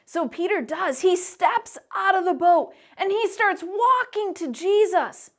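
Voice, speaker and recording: A woman teaching a children's Bible lesson in a church, animated and playful as she tells the story to the kids. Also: very high voice, a little slow, few pauses.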